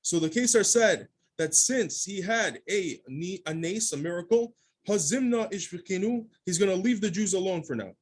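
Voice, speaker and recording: A man's voice: sits high, expressive, normal speed, hardly any pauses, a little hiss or hum. A man, a rabbi, teaches a daily Talmud class, reading each Aramaic phrase and then explaining it in English, often restarting mid-sentence.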